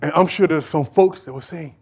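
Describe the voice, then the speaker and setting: Delivering a church sermon, a man speaks with great emphasis, asking rhetorical question after rhetorical question and moving from shouting to quiet asides. He talks fairly quickly in a slightly rough, somewhat high voice.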